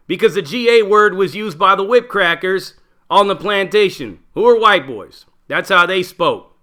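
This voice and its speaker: A man's voice: sits high, expressive, normal speed, bright, forceful tone. A middle-aged man telling prison stories in a blunt, profane, casual monologue full of street slang. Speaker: channel host, former prisoner telling stories.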